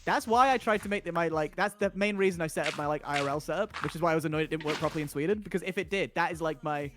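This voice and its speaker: A man's voice: fairly high pitch, rapid-fire, music in the background. A man chatting casually as a guest on a stream, rambling with many restarts. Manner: rambling, stumbling restarts, lots of "like".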